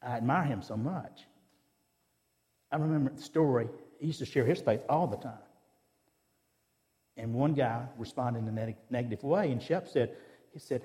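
A man's voice: medium pitch, moderate pace, long pauses, dark tone, big-room sound. A man giving a sermon in a conversational, storytelling way, acting out the dialogue of his anecdotes. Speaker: preacher. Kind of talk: sermon with personal stories. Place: church.

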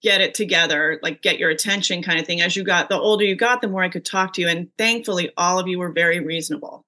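A woman's voice: on the low side, fast. A middle-aged woman, a mother who also coached youth sports, chatting on a podcast as the guest and acting out remembered dialogue as she tells stories. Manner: animated storyteller, acts out quoted dialogue. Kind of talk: casual podcast conversation.

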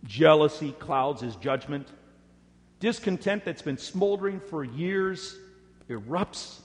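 A man preaching a sermon, swinging dramatically between loud emphasis and hushed words. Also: fairly high pitch, lively intonation, slow. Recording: echoey hall reverb.

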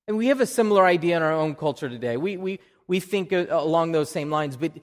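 A man's voice: on the high side, lively intonation, fast, in a large hall. A man with an Oklahoma accent preaching a sermon in a conversational way, often repeating a word as he restarts a phrase. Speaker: pastor. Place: church.

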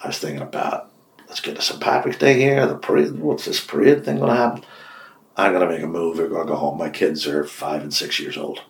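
An older Irish man, a radio host, telling long anecdotes in an interview and acting out the dialogue with lively swings in his voice. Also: a little fast, vocal fry. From Ireland. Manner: lively storyteller, acts out quoted dialogue with big pitch jumps. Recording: roomy echo.

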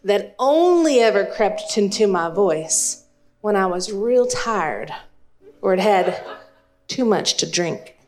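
A woman's voice: medium pitch, lively intonation, takes it slowly, darkish tone. A woman in her thirties from East Texas, with an East Texas accent, telling a humorous, self-deprecating story as a speaker to a live audience. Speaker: speaker and Spanish teacher.

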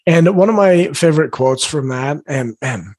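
A man coaching parents, talking earnestly and encouragingly about yelling at their teenagers, now and then clearing his throat. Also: on the high side, animated, normal speed. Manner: earnest, encouraging, invites listeners gently.

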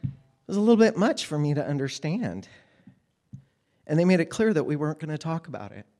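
A man's voice: fairly high pitch, sing-song, a little fast, darkish tone. A man telling a candid personal story to an audience from a stage, plainspoken and wry. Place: stage under bright lights.

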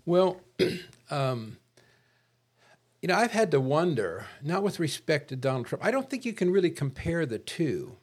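Measured, throat-clearing man in a talk podcast. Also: on the high side, big pitch swings. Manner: measured, wordy, clears his throat often. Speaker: podcast co-host. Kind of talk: casual political discussion.

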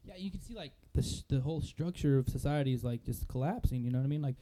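Young man, podcast co-host, casual swearing chat, mellow dark voice, loose rambling. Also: mid-range voice, lively intonation, fast talker. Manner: rambling, profane, filler-heavy.

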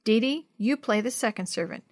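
A woman's voice: a little high, a little fast, dry recording, studio quality, close to an everyday voice. A woman voicing a cheerful, encouraging teacher in a storybook. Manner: bright, encouraging.

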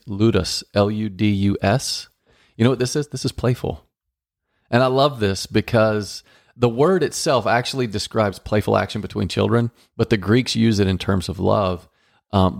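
A man's voice: lowish voice, creaky, dry recording, studio quality. A man co-hosting a casual marriage podcast, upbeat and playful, acting out little dialogues as he explains. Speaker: podcast co-host. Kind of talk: casual marriage advice chat.

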